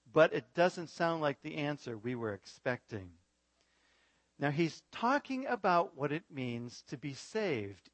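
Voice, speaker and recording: A man with a high-pitched voice preaches animatedly as a pastor, throwing rhetorical questions at his congregation. The recording is dry.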